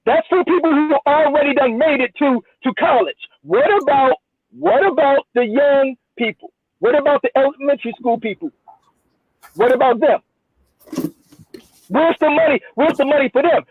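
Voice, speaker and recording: A man's voice: very high voice, moderate pace, no echo. A man calling in to a heated debate, insistent and repeating himself for emphasis. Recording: tinny phone line.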